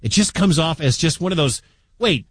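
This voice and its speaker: Animated talk radio host, lively pitch. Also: male voice, brisk, no room sound. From American Midwest. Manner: animated, incredulous, chatty.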